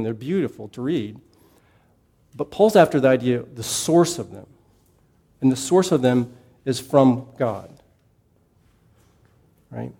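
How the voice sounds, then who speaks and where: Mellow-voiced man teaching a Bible class. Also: mid-range voice. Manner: conversational, asks the class questions, repeats key points.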